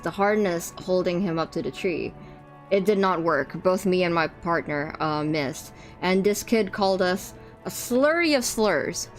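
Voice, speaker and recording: A woman streamer chatting casually to her viewers while playing a game, rambling with fillers and restarts. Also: on the low side. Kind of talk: casual gameplay commentary.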